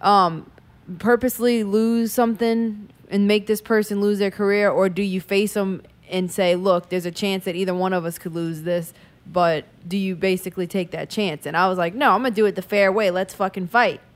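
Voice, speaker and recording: A woman's voice: mid-range voice, steady tone, moderate pace. Woman cussing casually while telling a story, plain mid voice. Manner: blunt, profane. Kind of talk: casual chat.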